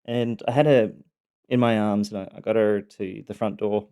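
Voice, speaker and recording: A man's voice: lowish voice, steady tone, moderate pace, gravelly, dark tone, clean tone. A middle-aged man candidly telling his own story, frank, casually swearing, with wry laughter.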